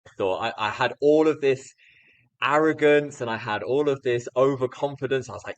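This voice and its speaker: A man in his thirties from the UK, a guest telling a teaching story in animated anecdotal style. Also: medium pitch, moderate pace, no room sound, low-quality recording. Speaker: guest speaker. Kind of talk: storytelling in a podcast interview.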